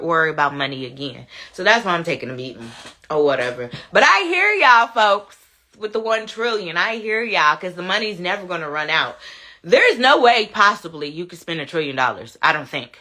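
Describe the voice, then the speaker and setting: A woman's voice: on the low side, very animated, fairly quick, pushed and bright. A woman hosting a casual live chat, reading viewer comments aloud, laughing and talking back to them. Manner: chatty, laughs often, talks back to commenters.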